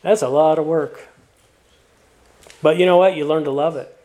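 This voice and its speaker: Male pastor, middle-aged, high pitch; sermon with warm stories and strong calls to finish well. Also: steady tone, moderate pace. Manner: storytelling with playful asides; earnest, encouraging exhortation.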